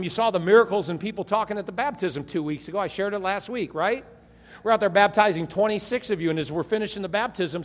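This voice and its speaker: A man's voice: sits high, in a large hall. A man preaching a sermon as pastor, telling stories and acting out the people in them. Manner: animated storytelling, acting out voices.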